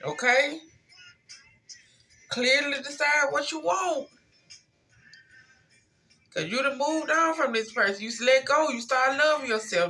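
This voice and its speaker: A woman gives a casual card reading in a relaxed, slangy manner, speaking straight to the people watching. Her voice sits a little high and has a bright ring, and she takes her time with every phrase. Soft music plays faintly underneath. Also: takes it slowly, long pauses. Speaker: tarot reader.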